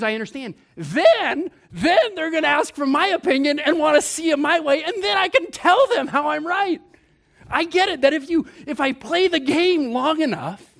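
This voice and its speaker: Animated, high-voiced preacher. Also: male voice. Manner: animated, playful, mimics himself and others, drops to a hushed tone on scripture. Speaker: pastor. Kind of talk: sermon.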